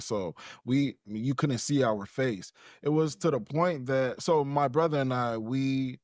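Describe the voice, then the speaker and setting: A man's voice: medium pitch, a little slow, few pauses, a little mellow, no echo, studio quality. A man from Chicago, an interview guest who tells his story in a laid-back way, chuckling between phrases. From Chicago, USA. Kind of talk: conversational interview.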